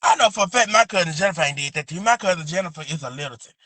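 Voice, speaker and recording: A man with a notably high voice hosts a loose, chatty phone livestream outdoors, calling his viewers baby and boo. He stretches his pet phrase out in a sing-song drawl. The sound is dry and close, with no room echo. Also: lively intonation, racing, bright, forceful tone. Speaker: livestream host. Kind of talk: casual livestream chat. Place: outdoors next to a house.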